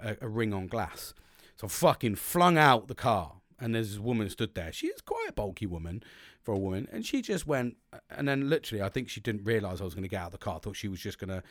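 A man tells a long story at a fast clip, rambling and swearing as he acts out what everyone said. The voice sits at an ordinary pitch. It is recorded close and dry, with no room sound. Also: no room sound. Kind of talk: casual storytelling monologue.

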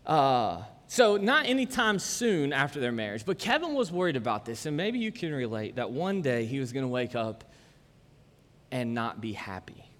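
Joking pastor in a reverberant hall. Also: male voice, medium pitch, sing-song, normal speed, a bit bright. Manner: casual, joking, chatty asides. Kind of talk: conversational sermon. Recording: long church-hall reverb.

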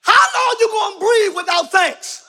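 A man preaching a live sermon in a church, shouting his points and calling on the congregation to answer. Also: extremely high pitch, unhurried. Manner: preaching with shouted emphasis and call-and-response to the congregation. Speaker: pastor. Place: church sanctuary.

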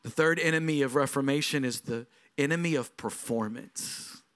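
A middle-aged man, a lead pastor, preaching a sermon in a storytelling way that moves from quiet moments to emphatic passages. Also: mid-range voice, moderate pace, clear, resonant tone.

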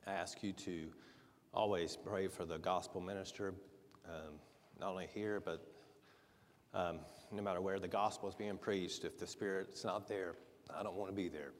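A man preaching a sermon in a church, soft-spoken at first, then louder and livelier with chuckles. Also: low voice, fairly even intonation, normal speed, slight background noise. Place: church sanctuary. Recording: long hall reverb.

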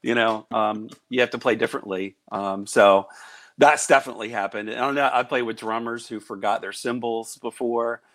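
Relaxed chuckling guitarist guest. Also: male voice, medium pitch, moderate pace. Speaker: guest musician. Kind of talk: casual chat.

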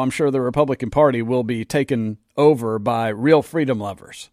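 A man's voice: medium pitch, moderate pace, a little mellow, no room sound. A middle-aged man with a sarcastic, emphatic manner, delivering an opinionated monologue in a studio as host. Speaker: political commentary host.

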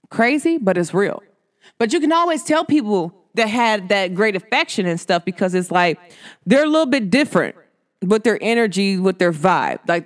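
A woman hosting her own talk show, chatting casually in slang, laughing through stories and firing questions at listeners. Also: on the low side. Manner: laughs while telling stories. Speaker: podcast host.

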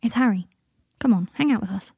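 A woman voicing an earnest, coaxing young wizard man in a storybook reading, speaking gently and often near a whisper. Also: medium pitch, fairly quick, gravelly, slightly rough, no echo, studio quality.

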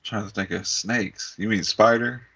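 Very deep gravelly bright-edged man. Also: fairly even intonation, moderate pace. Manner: chuckling, brief interjections. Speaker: podcast co-host. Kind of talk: casual movie chat. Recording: lo-fi audio.

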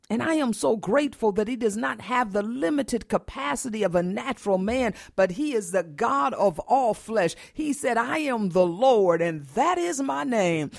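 Gravelly-voiced woman preaching a sermon. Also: on the high side, no room sound, clean studio sound. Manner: rhythmic preaching with repeated phrases, swelling to emphatic peaks; reads scripture aloud. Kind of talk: devotional sermon.

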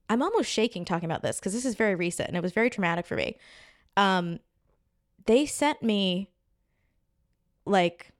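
A woman comedian chatting as a podcast guest, telling stories with quick asides and quoted voices. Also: medium pitch, no room sound, studio quality. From New York. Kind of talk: podcast conversation.

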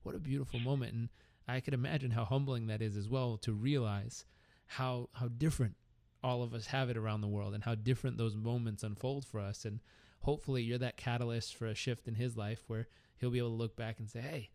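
A man's voice: medium pitch, fairly even intonation, fairly quick, a little mellow, dry recording. A man hosting an interview, responding in a reflective, affirming way. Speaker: podcast host. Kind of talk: interview conversation.

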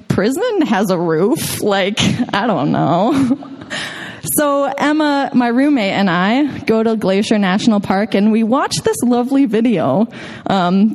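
A young woman tells a story on stage in a large hall, her voice carried by a long reverb. She talks in a loose, chatty way, peppered with fillers, at a middle pitch. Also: darkish tone. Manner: casual and chatty, full of "like" fillers. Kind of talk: live storytelling to an audience.

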